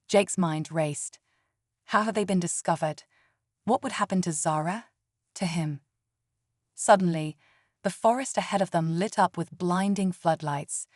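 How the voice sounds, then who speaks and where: Brief: female story narrator, steady and even, lowish voice, very dry close sound. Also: measured pace, no room sound.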